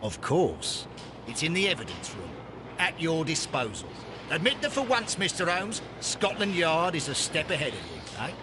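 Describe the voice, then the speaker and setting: A smug police inspector. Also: male voice, on the high side, very animated, moderate pace, background noise.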